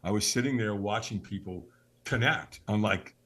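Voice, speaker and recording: A man, a podcast guest, telling a personal story in an animated way, acting out the voices he quotes and sometimes shouting them. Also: on the low side, moderate pace, slightly rough.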